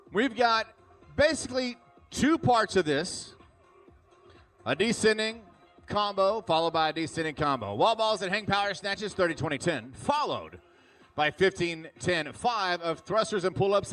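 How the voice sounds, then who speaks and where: A high, lively male announcer bringing live commentary to a big indoor arena, cheering on competitors with bright energy. Faint music plays behind him. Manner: hyped, cheering on athletes. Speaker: event announcer.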